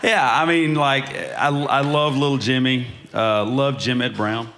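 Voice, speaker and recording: A man telling lively stories as a panel guest on a museum stage, often laughing as he gets to the punchline. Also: mid-range voice, measured pace, background noise. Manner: storytelling, laughs through punchlines. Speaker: panel guest, country singer. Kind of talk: animated anecdote telling.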